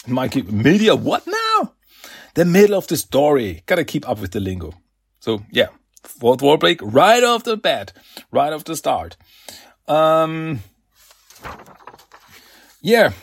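A man's voice: on the high side, measured pace, vocal fry, pauses often, breathy edge, dry recording. A man hosting a podcast, casually recapping a comic with lots of fillers and laughs. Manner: animated, filler-heavy, laughs often. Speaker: podcast host.

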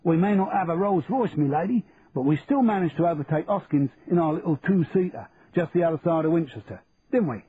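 A man's voice: fairly high pitch, animated, brisk, voice pushed up, close to an everyday voice. A man voicing a jovial, cheeky Cockney man who calls out jokes, over a tinny line with faint hiss. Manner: loud and jokey, calling out.

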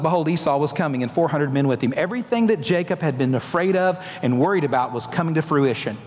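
A man preaches a sermon to his congregation, his fairly high voice rising on pointed questions. He is recorded in a sanctuary, and a long reverb trails after every phrase. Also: animated, quick pace, hardly any pauses, a little mellow. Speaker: pastor.

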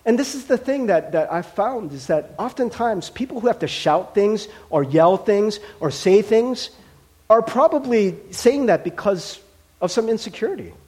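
A male pastor preaching a sermon in a conversational, animated way, with frequent laughs and fillers. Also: high voice, moderate pace, husky.

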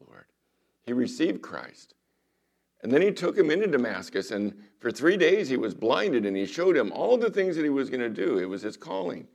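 A man preaching a sermon as pastor, retelling scripture stories dramatically and dropping to a hushed voice for quoted lines. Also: medium pitch, sing-song, normal speed, creaky.

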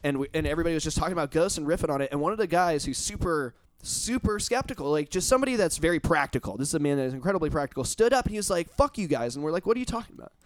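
A man's voice: fairly high pitch, expressive, very fast, few pauses. A man talking casually on a podcast, rambling and emphatic, swearing often. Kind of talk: casual chat.

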